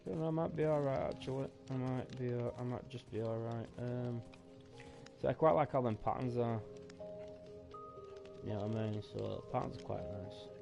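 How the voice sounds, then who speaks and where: A gravelly-voiced man talks through his game in a loose, musing ramble. He sounds tired and sleepy. Music plays clearly behind him. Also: mid-range voice, normal speed. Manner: thinking aloud, rambling and musing. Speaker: gaming streamer. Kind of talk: casual gameplay commentary. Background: background music.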